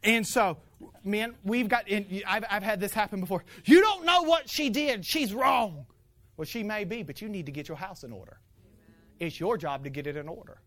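A male pastor delivering a sermon, weaving in humorous family stories. He laughs readily and acts out the scenes with lively, animated energy. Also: high-pitched, a little fast. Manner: animated, playful storytelling with laughter.

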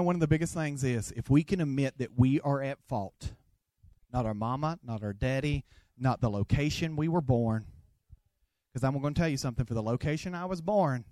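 A man's voice: mid-range voice, dry recording. A man from the Southern United States, with a Southern accent, preaching an emphatic, joking sermon full of repeated phrases.

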